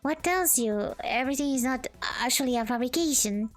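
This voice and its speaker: A woman's voice: high voice, lively intonation, a little fast, soft background music, pitched above the performer's own voice. A woman doing a nasal, flirty android barfly. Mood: musing. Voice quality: nasal, drawling "honey".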